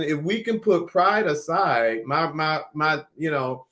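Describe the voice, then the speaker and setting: A man's voice: a little high, expressive, takes it slowly. A middle-aged man moderating a panel discussion, telling a personal story and acting out the voices of the people in it. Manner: warm storyteller, acts out quoted voices.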